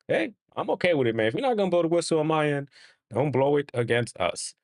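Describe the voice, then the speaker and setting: A man's voice: on the high side, fairly quick, no echo, studio quality. A man hosting a fan watch-along, calling the game play by play in a casual way, urging the players on and laughing with his chat. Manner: excitable, talks to the players and chat, laughs often. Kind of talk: casual live play-by-play commentary.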